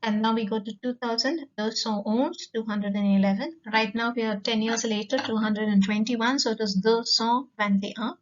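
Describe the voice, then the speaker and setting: A woman, a French teacher giving a recorded lesson and patiently repeating words slowly. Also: on the high side, steady tone. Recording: dull lo-fi recording.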